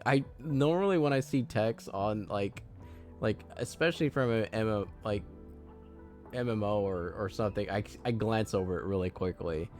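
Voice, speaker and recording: A man's voice: mid-range voice, vocal fry. Laughing, flustered male game streamer. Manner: rambling, laughs often, flustered. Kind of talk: casual live-stream chat.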